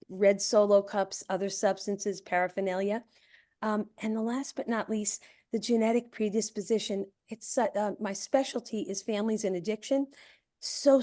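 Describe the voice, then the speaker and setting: A woman school counselor speaking briskly on a webinar, working through a list of advice for parents. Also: medium pitch, a little mellow. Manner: brisk, listing points. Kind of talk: webinar talk.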